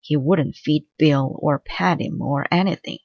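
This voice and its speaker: Slow, clear woman reading a storybook. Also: low voice, no room sound, muffled recording. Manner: slow, clear read-aloud delivery. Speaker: storybook reader. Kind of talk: reading a children's book aloud.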